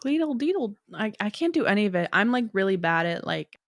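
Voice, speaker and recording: A woman co-hosting a podcast, chatting casually with short, low-key replies. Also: fast talker, gravelly, a bit bright, no room sound, studio quality. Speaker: podcast co-host. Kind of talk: casual chat.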